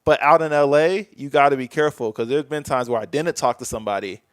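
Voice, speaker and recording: A man's voice: medium pitch, quick pace, smooth, no echo. A man talking candidly as a podcast guest in a casual chat, reflective and often trailing off mid-thought.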